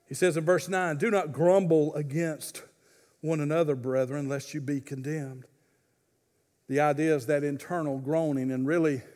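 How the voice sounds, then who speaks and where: A man preaches a sermon in a notably high voice. He moves from loud, fervent urging to soft, close pleading. The sound carries a long reverb, as if in a large sanctuary. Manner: swings from loud fervent exhortation to hushed intimate pleading. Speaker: pastor.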